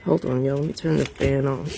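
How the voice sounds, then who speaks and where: A middle-aged woman live streaming from home, fighting back tears as she keeps pausing to talk to her viewers. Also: very deep voice, creaky. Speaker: livestreamer. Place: home room with a fan running. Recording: noisy home livestream with fan hum.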